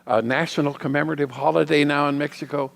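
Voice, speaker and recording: A middle-aged man giving a sermon as a guest minister. He tells personal stories in a reflective way, with pauses. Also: a little high, steady tone, creaky. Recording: long hall reverb.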